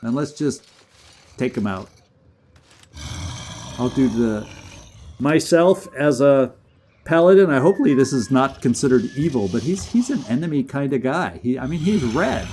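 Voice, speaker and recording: A man streaming a video game, chatting and commentating as he plays, getting excited and laughing often. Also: medium pitch, normal speed, pauses often, slight background noise. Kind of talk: live gameplay commentary.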